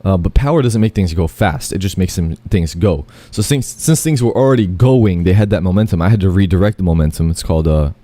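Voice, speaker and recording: Guy with a deep mellow voice telling a wandering story, lots of um and like, swears a bunch, dry sound. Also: fairly quick, hardly any pauses, no echo. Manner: meandering, lots of fillers and self-corrections, swears casually. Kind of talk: rambling first-person storytelling.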